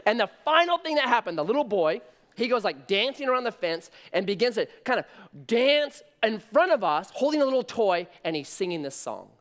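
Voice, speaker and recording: A man in his thirties preaching a sermon, telling a story in an animated, conversational way. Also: high-pitched, brisk. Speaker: pastor.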